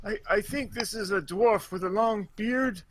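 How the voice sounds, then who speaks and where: A man playing an elderly author who is puzzled by a computer game, talking haltingly on a podcast. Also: high voice, a little hiss or hum. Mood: bewildered. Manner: halting, bewildered old man voice.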